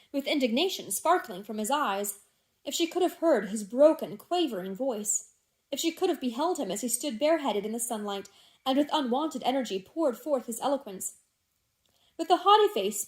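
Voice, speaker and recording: A woman narrating a classic novel aloud in a measured, expressive way. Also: a little high. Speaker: audiobook narrator.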